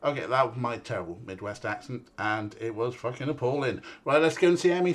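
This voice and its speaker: Male streamer, casual rambling chat, mid-pitched voice, lots of ums and uhs. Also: fairly quick, hardly any pauses. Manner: chatty and rambling, with frequent fillers and swearing.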